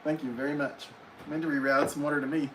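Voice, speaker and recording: A man with a somewhat high voice hosts a casual live stream from home. He chats easily, reading out viewers' comments and answering them one by one. Faint noise sits under his voice. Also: little pitch movement, fast talker. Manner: reads viewer comments aloud in friendly, chatty replies.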